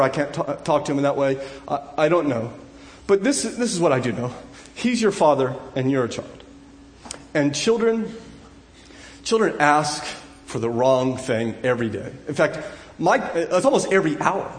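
A man in his thirties delivers a sermon in a bright, high voice, speaking casually with restarts and jokes. He swells into loud, emotional cries at key moments. The sound carries the echo of a large hall. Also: animated, normal speed. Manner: conversational, frequent restarts and asides, rising to loud emotional cries. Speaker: pastor.

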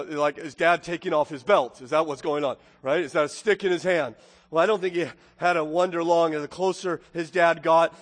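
A man preaching a sermon, swinging from booming exclamations to hushed, intimate asides. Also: long reverb tail. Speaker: pastor.

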